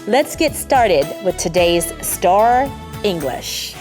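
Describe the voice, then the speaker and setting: A young woman hosting an English-teaching TV interview in a studio, bubbly and quick to laugh, switching into Korean to explain words. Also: mid-range voice, very animated, over loud music. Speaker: TV show host.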